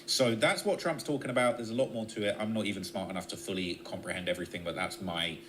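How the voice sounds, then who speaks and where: A man's voice: fast, fairly bright tone, a little hiss or hum. A man streaming live, giving blunt, profane political commentary and checking in with his viewers after almost every point. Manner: blunt and profane, keeps checking in with "all right?" and "okay?"; shifts between low muttering and raised, emphatic bursts. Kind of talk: casual political commentary on a livestream.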